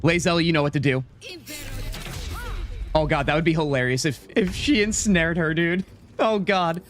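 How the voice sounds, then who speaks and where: A man with an American accent hosting a casual gaming livestream, animated and chatty with his viewers, a bit out of breath. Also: on the high side. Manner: animated, talks fast and chatty to viewers, says "dude" often. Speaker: livestream host. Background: faint game and tavern music.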